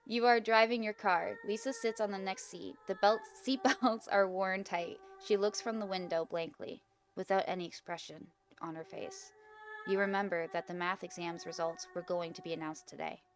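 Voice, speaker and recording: A woman's voice: lowish voice, fairly even intonation, moderate pace, faint music behind. Giggly young woman reading a horror game. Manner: casual, giggly, stumbles over words. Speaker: gaming video host. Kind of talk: reading aloud an interactive horror story game.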